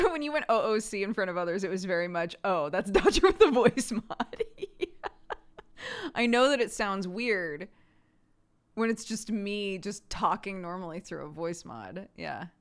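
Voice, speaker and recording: Lively, laughing woman streamer. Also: mid-range voice, unhurried, smooth. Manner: laughing, animated chat. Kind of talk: casual chat.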